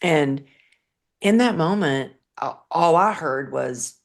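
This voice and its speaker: Low-voiced woman telling her story. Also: animated, slow. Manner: earnest, vivid storyteller. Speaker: guest. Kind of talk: personal storytelling in an interview.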